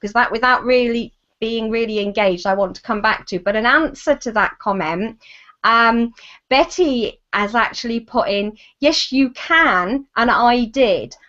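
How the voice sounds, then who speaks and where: Quick-talking British woman host. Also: a little high, a bit bright, dull audio. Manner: quick, with restarts and fillers. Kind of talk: casual video-call chat, reading viewer comments.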